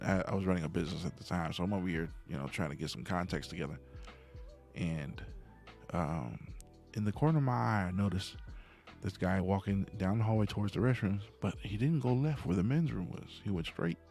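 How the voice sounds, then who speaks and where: A man with a low, gravelly voice talks to his livestream viewers late at night. He tells his story in a loose, meandering way and grows heated over questions of right and wrong, with faint music running behind him. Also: a little mellow. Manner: meandering, gets worked up about morals. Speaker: livestream host. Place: home at night.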